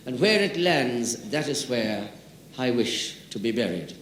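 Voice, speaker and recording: A man's voice: lively intonation, fairly bright tone, slight background noise. A man putting on a grave dying outlaw hero. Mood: mock solemn. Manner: slow, low, mock-solemn delivery. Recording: echoey hall with long reverb.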